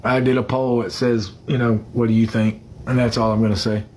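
A man, talking on a casual livestream at a middle pitch. His talk wanders from thought to thought, with plenty of fillers and quick hellos to viewers. There is a faint hum of room noise behind him. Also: level tone, darkish tone. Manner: rambling, greets viewers by name, many fillers.

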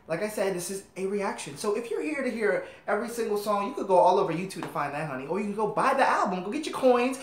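Chatty woman reacting to music at home. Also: medium pitch. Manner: chatty, excitable, talks straight to viewers. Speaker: reaction video host. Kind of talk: casual album reaction chat. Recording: roomy with faint music behind.

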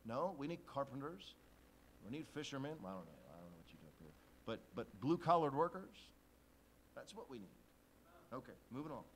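A man's voice: mid-range voice, very animated, a little fast, slight background noise, poor audio. A male pastor preaching a sermon at a conference, telling stories, acting out quoted voices and reading scripture in old-style wording. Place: church conference hall.

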